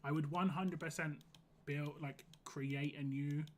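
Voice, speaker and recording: A hoarse man streaming a game live, giving casual, rambling commentary full of "like". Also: on the high side, steady tone, unhurried. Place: home gaming setup.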